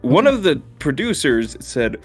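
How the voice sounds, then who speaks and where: A man's voice: a little high, very animated, a little slow, slightly rough, soft background music. A man co-hosting a podcast in casual chat, joking, swearing and putting on mocking voices. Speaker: podcast co-host.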